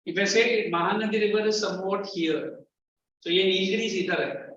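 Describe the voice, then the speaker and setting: Indian English male teacher, high bright voice, code-switches to Hindi, brisk and firm. Distant, muffled, very echoey classroom sound with faint hiss. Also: steady tone. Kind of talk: classroom lecture.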